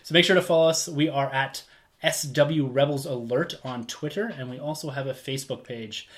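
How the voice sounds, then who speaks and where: A man's voice: mid-range voice, normal speed. A man from Canada hosting a casual podcast, upbeat as he runs through show news. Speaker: podcast host.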